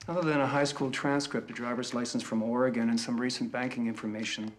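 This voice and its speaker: An actor playing a sharp male attorney who cross-examines a witness with pointed, probing questions in a courtroom film drama. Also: mid-range voice, fairly even intonation, fast talker, a little hiss or hum, lightly acted. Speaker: trial attorney.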